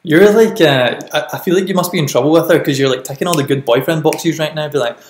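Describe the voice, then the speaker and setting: A young man hosting a podcast, asking questions in a relaxed, teasing way with frequent giggles. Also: on the high side, fast talker, slight background noise. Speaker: podcast host. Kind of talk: casual interview chat. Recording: echoey room.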